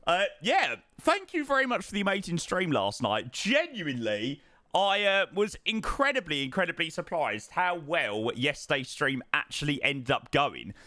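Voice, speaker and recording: A man's voice: fairly high pitch, sing-song, normal speed, sharp tone, dry recording, clean studio sound. A man, chatting casually to viewers during a flight sim stream, greeting them by name and repeating words. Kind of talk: casual live-stream chat.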